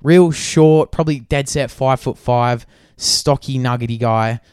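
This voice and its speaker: A man's voice: mid-range voice, measured pace, a little mellow, smooth, no echo, clean studio sound. A young Australian man hosting a podcast, telling a story in casual chat with lots of swearing and fillers. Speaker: podcast co-host.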